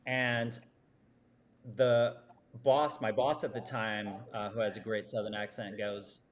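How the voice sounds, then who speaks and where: A man, an advertising executive, telling lively, self-deprecating stories as a guest on a podcast interview. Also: on the low side, measured pace. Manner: animated, self-deprecating storytelling.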